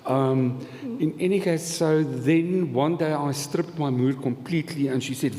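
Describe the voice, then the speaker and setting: As a guest on a live festival panel, a man tells a rambling, humorous story about his past, chatting with dry humour and laughing often. His voice is slightly high and mellow, at a measured pace. The recording, made in a festival event hall, has live reverb and faint noise.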